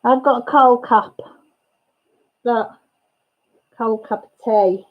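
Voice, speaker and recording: A woman's voice: on the high side, steady tone, slow, highs cut off. A woman hosting a livestream, chatting casually and gossipily with viewers and laughing often. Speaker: livestream host. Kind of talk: casual chat with live viewers.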